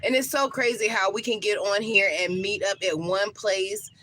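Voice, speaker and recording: In a casual outdoor live stream, a woman in her thirties talks to viewers with warmth, emotion, and plenty of fillers. Her medium-pitched voice stays steady at a normal speed. The audio is poor and carries a little hiss or hum.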